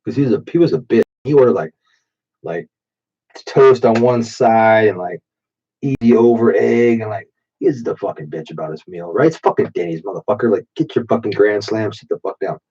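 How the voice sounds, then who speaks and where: A man in his late thirties rambles through profane stories on a late-night stream. His voice is low, dark and husky, thickened by a stuffy allergic nose. It comes through a dull, muffled default mic. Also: normal speed. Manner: profane, rambling, drinking while talking. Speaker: live-stream host.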